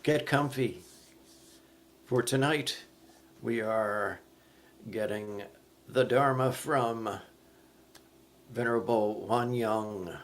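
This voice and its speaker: A man leading a meditation service, reciting a sutra opening in a measured way and introducing the speaker. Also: medium pitch, slight background noise. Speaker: service leader.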